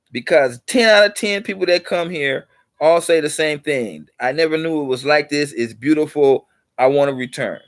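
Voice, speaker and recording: A man with a high voice, preaching to the camera in a repetitive, insistent way. He spins little stories to make his point. The sound is dry and close, with no room echo. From United States. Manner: preachy, repeats points for emphasis; tells allegorical stories. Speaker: channel host. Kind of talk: motivational vlog talk.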